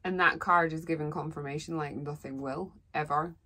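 A woman's voice: low voice, steady tone, moderate pace, bright, forceful tone. A woman giving a rambling, heartfelt tarot reading as a psychic. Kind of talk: solo tarot reading monologue.

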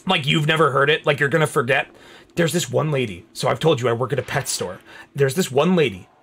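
A young man on a casual gaming stream, telling stories and reacting with swearing, shouts and laughter. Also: mid-range voice, brisk, creaky, slightly rough. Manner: animated, profane, bursts into shouts and laughter.

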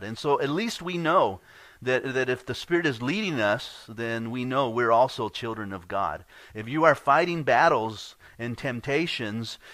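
A man's voice: mid-range voice, fairly bright tone, dry recording. A man preaching a sermon as pastor, earnest and conversational, often restarting his words.

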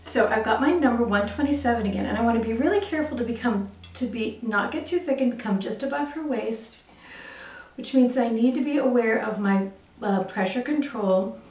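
A woman's voice: on the high side, a little fast. Woman teaching cake decorating, echoey room. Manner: gentle, careful explaining. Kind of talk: step-by-step demonstration.

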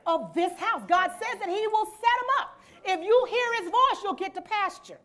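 A very high-pitched woman's voice, bright and forceful in tone, carries a church sermon at normal speed. She reads and explains scripture verse by verse, asking the congregation rhetorical questions and prompting them with "amen?"

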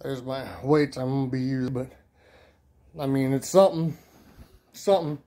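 A man's voice: medium pitch, steady tone, moderate pace, warm tone. A man ranting crudely to camera in a rowdy, rambling comedic vlog. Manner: rowdy, profane, rambling storytelling. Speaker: vlogger.

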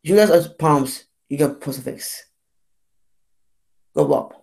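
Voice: mid-range voice, slow, vocal fry, darkish tone. A person in their twenties ranting on a vlog in a fed-up, rambling way, repeating themselves and stumbling through false starts. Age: 20s. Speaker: vlogger.

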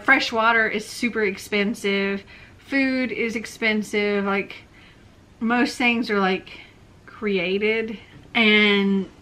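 A woman's voice: medium pitch, bright, forceful tone. A young woman book vlogger chatting casually about books she read, with lots of fillers. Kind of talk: casual book review chat.

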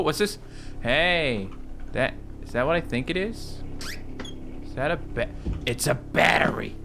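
A man's voice: fairly high pitch, animated, a little slow, pauses often, pushed and bright, slight background noise. A man giving jokey let's play commentary on a video game, exclaiming and reading game text aloud. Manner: joking, exclamatory, reads on-screen text aloud. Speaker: gaming video host.

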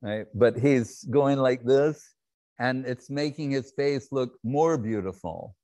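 A man speaking at a mid-range pitch tells devotional stories at an unhurried pace. He acts out the scenes as he goes and laughs often. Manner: animated storyteller, acting out scenes, laughs often. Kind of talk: devotional storytelling talk.

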